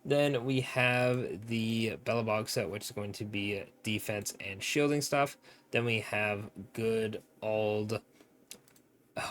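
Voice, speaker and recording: Young dude doing casual game commentary, rambles a lot, forgets names, jokes about it. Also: male voice, lowish voice, fairly bright tone. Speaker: gaming content creator.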